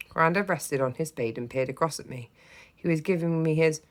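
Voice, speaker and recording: Very deep-voiced woman reading a storybook. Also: fairly quick. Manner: expressive first-person narration, lively and gently humorous. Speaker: teacher reading to a class. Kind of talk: storybook read-aloud.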